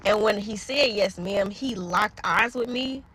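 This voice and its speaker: A woman's voice: medium pitch, measured pace, fairly bright tone, breathy edge. Earnest rambling woman telling a story. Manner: earnest and rambling, often trailing off and addressing viewers as "y'all". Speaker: storyteller sharing a personal faith story. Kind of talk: casual spoken testimony to followers.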